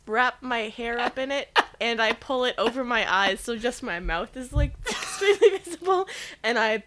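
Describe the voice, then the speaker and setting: Brief: female player, slightly high, bright, chatty. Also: animated, moderate pace. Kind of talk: casual tabletop role-play.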